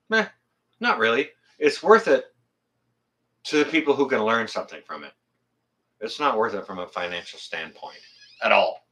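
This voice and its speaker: A YouTube host with a lowish, bright and forceful voice casually chats with livestream viewers, reading out what they write. He speaks plainly and bluntly with plenty of swearing, rambling and revising himself as he goes.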